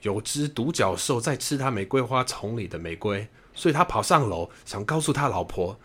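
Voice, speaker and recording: A man with a husky voice retells a story for listeners learning a language, in a relaxed, conversational way. His voice is of middle pitch for a man and moves lively up and down. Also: moderate pace.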